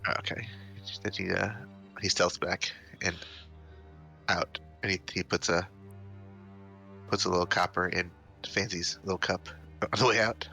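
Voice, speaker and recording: A man's voice: low-pitched, flat delivery, a little slow, creaky, pauses often, pushed and bright, faint music behind. A man playing in an online tabletop game, joking and laughing often as he describes his character. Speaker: player.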